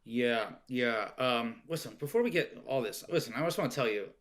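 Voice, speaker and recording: A man's voice: mid-range voice, animated, normal speed, a bit bright. Rambling middle-aged man, podcast guest. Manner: rambling, many restarts and fillers. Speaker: podcast guest, restaurant owner. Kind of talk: casual interview chat. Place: Oregon home.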